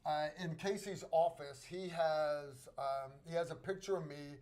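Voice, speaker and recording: A man's voice: a little high, steady tone, unhurried, darkish tone. An American man hosting a livestream, telling a rambling story with frequent restarts and fillers. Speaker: host.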